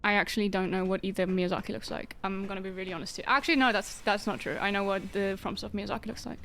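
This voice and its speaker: This fast-talking woman barely pauses as she live-streams a game, her mid-range voice fairly bright over a little hiss or hum. She keeps joking and laughing in casual chat, though the dance pad is clearly tiring her out.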